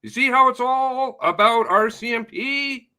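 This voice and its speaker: A man's voice: very high-pitched, measured pace, pushed and bright, smooth. A man giving a sarcastic, ranting livestream commentary, mocking the police in put-on voices. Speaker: online commentator.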